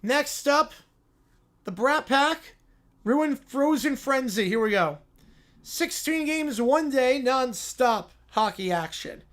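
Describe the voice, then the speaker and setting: A man's voice: extremely high pitch, lively intonation, slow pace, a bit bright. A man hosting a livestream, narrating a silly story in a casual, offhand way. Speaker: livestream host.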